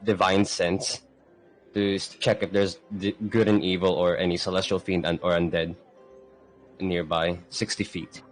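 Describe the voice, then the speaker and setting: A man playing a tabletop role-playing game, describing his character's actions with halting restarts and fillers. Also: low voice, level tone, soft background music, low-quality recording. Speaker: player.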